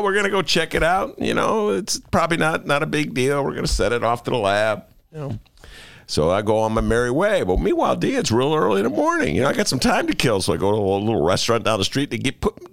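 A man's voice: medium pitch, creaky, fairly bright tone. A man hosting a casual radio talk show, telling rambling jokey stories and acting out other people's lines. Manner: rambling, jokey storyteller with voiced asides. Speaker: host.

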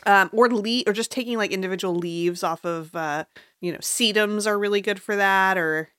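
A woman's voice: mid-range voice, normal speed, a bit bright, smooth, dry recording, studio quality. A woman co-hosting a podcast, chatting casually and explaining things in friendly, rambling asides. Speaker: podcast co-host. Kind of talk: casual chat.

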